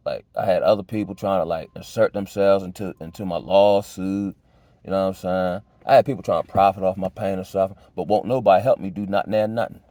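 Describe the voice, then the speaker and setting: A man's voice: mellow, dry recording. Man recounting his own hardships, slangy and loose, dry close sound, voice leaps up when he's stirred. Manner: conversational, loose street slang, many restarts and "you know what I'm saying"; emotional, pitch jumps high when agitated. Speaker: storyteller giving a personal testimony. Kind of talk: casual spoken testimony.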